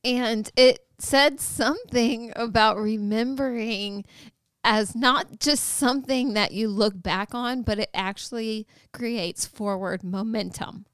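Slow-talking easygoing woman. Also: on the high side, fairly bright tone, clean tone, dry recording. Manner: easygoing, giggly, unhurried. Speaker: podcast co-host. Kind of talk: casual chat.

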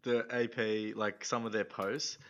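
A man's voice: lowish voice, little pitch movement, unhurried, fairly bright tone, lo-fi sound. Male podcast co-host, jokey banter, laughs through his stories. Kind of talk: casual chat.

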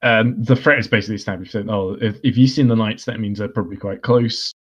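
A man's voice: on the low side, steady tone, fast, slightly rough, highs cut off. A man hosting a podcast, chatting casually and rambling with frequent laughs. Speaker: podcast host. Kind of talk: casual chat.

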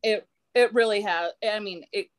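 A woman's voice: medium pitch, normal speed. A woman in her thirties speaks as a guest in a casual interview, her voice in a mid range. She talks animatedly and laughs often between phrases. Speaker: wedding photographer guest.

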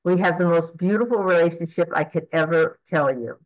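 A woman's voice: fairly low pitch, brisk, poor audio. A woman of eighty giving an earnest, rambling personal testimony at a recovery meeting, with frequent restarts and fillers. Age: 80s.

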